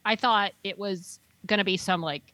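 A woman's voice: medium pitch, moderate pace, sharp tone, no echo. A woman co-hosting a podcast, chatting in an enthusiastic, rambling way. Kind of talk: casual chat.

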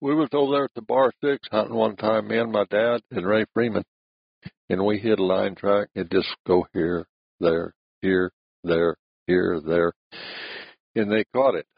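A low, gravelly man's voice with a husky grain, telling plainspoken rural hunting tales. He sits close on a dry mic. The recording sounds dull and lo-fi. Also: fairly even intonation, moderate pace, no echo. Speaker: rancher. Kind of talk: casual storytelling.

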